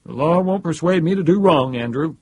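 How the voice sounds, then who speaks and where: A man reading an audiobook, voicing a stern, quick-tempered older father with a gruff, indignant manner. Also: fairly high pitch, lively intonation, no room sound, pitched above the performer's own voice.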